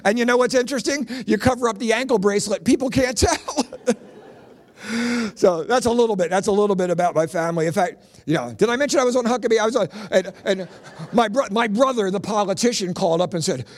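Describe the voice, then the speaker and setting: High-voiced middle-aged stand-up comedian. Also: male voice, quick pace. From Pennsylvania. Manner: animated storytelling with punchy jokes. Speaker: comedian and preacher.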